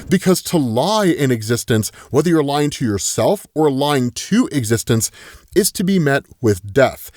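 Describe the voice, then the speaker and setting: Animated man recapping comics. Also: on the high side, no room sound, studio quality. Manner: animated, conversational, uses 'right?' tags. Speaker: comics YouTuber. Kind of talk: casual comic recap narration.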